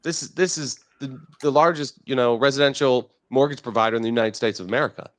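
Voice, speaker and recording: Brash, excitable male market host. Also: mid-range voice, fast talker, no echo. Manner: brash, profane, excitable trader banter. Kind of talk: casual market chat.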